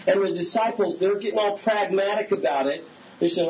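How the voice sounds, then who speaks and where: High-voiced man preaching a sermon. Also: a little fast. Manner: conversational preaching, asks the congregation questions. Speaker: pastor. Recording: slightly dull recording with faint hiss.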